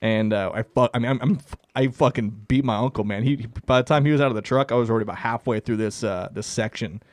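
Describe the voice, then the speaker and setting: A man's voice: mid-range voice, fast talker, no room sound. A young man co-hosting a comedy podcast, telling a rambling, profane hunting story. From Canada. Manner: profane, rambling, laughs through stories. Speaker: podcast co-host. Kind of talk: casual storytelling.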